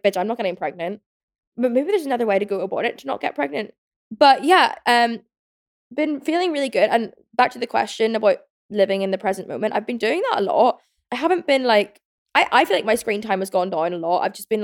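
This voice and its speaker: A woman in her twenties hosting a podcast, chatting casually in a rambling way, full of fillers and the odd swear word. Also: fairly high pitch. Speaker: podcast host. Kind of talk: casual chat.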